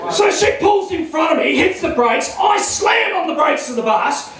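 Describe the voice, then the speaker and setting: A man with an Australian accent doing stand-up comedy, telling a crude, rowdy story and shouting his punchlines. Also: extremely high pitch, very animated, moderate pace, a loud crowd. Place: small comedy club stage. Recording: echoey room from far off.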